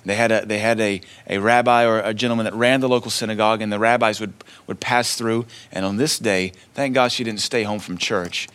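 A man preaching a sermon in a loose, conversational way, swinging between quiet asides and loud declarations. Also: on the low side, fairly even intonation, brisk, clean tone. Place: church.

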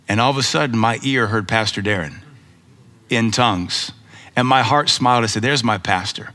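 Bright-voiced American preacher giving a sermon. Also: male voice. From United States. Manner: animated storytelling preacher, rhetorical questions, voices pitch up for emphasis. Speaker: pastor.

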